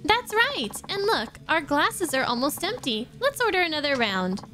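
A woman doing a shrill, bubbly party girl. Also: normal speed, soft background music, exaggerated voice. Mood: excited. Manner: high, excitable, indignant. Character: bubbly young woman, fond of drinking, touchy.

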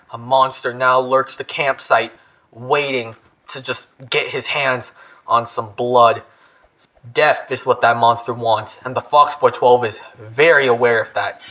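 A man voicing a grave male trailer narrator, telling the scene slowly and dramatically. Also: medium pitch, pushed and bright, pitched below the performer's own voice, poor audio. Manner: slow, dramatic storytelling.

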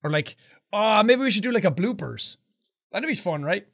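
A man hosting a gaming channel, recording intros at a studio mic with a pop filter, energetic and loud, shouting his openings and laughing often. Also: high voice, moderate pace, gravelly. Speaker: video game channel host. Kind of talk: recording video intros and outtakes.

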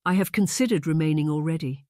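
A man's voice: fairly high pitch, fast, darkish tone, no echo, clean studio sound, lightly acted. A man voicing a proper young woman, a governess, speaking formally and with restraint. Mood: firm.

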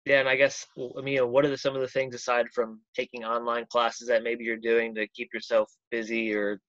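Quick-talking young man on a dull dry call line. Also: mid-range voice, flat delivery, fairly bright tone, no echo. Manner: hesitant, restarts questions. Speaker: student sports show host. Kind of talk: interview questions over video call. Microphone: video call.

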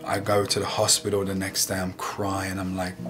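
A man sharing a personal faith testimony in an earnest, emotional, halting way. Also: sits low, monotone, a bit bright. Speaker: guest sharing a healing testimony. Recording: music playing underneath.

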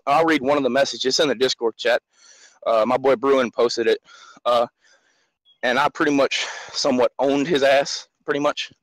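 A man in his twenties calls into a live stream and rants angrily, shouting and swearing nonstop. His voice sits on the high side, and the low-quality recording has no echo.

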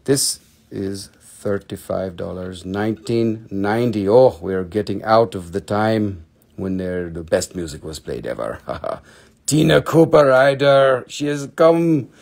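Male host, 40s, gravelly and low-ish, loose jokey live-stream seller. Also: expressive, a little slow, a little mellow. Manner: chatty, jokey, plays with a put-on accent. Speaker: host of a live crystal sales show. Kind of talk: casual live-stream selling.

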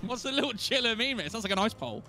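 Young man, gaming banter, animated delivery, music bed. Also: very high-pitched, fast. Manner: excitable, bursts into shouts. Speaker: gamer.

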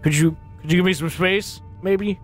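Man, host, theatrical, mock-polite, high voice, music behind. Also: fairly even intonation, moderate pace. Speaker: host and player. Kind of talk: comedic game let's-play.

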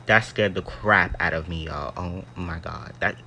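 A man's voice: sits low, unhurried, creaky, bright, forceful tone, a little hiss or hum. A young man giving dramatic, easily startled commentary on a mobile game as he plays. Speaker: gaming YouTuber.

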